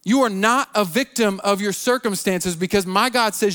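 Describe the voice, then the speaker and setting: A man preaches in a high, raised voice. He stumbles and repeats words as he goes, and he slips into the voices of people making excuses. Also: moderate pace, pushed and bright. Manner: repetitive, stammering restarts, acts out quoted excuses. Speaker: pastor. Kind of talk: sermon.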